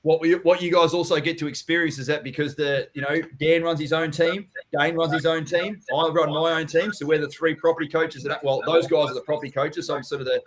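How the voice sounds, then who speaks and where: A man's voice: on the high side, fairly even intonation, fairly quick, hardly any pauses. A man with an Australian accent hosting a casual live Q&A, laid-back and swearing freely as he reads out comments. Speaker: host, chief strategist.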